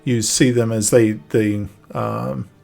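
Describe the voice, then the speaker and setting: A man narrating a tabletop game as game master, halting and searching for words mid-sentence. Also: fairly low pitch, steady tone, creaky, a little mellow, faint music behind.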